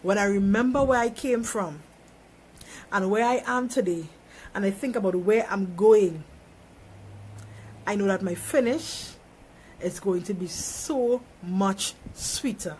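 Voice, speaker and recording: A woman's voice: mid-range voice, unhurried, pauses often, darkish tone, slightly rough. Emphatic preachy woman on a phone live stream. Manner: emphatic, preachy, repeats phrases for effect. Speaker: small business owner. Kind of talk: motivational live video monologue.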